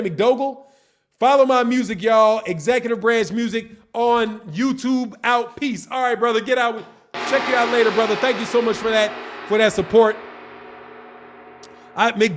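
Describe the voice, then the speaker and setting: A man hosting a boxing channel livestream, answering the chat in a combative, repetitive way. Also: sits high. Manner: combative, repetitive, insults critics.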